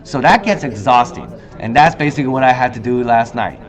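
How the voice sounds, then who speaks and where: A man in his thirties hosting a casual talk show monologue, telling stories with lively acted-out quotes. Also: a little fast. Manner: animated storyteller, acts out quoted lines in a higher voice. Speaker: host. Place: in Korea.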